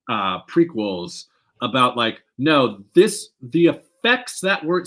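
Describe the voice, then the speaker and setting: Guy cohosting a fan podcast, rambles excitedly, swears a bunch, mid pitch. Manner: animated, rambling, swears freely. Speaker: podcast co-host. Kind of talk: casual fan chat.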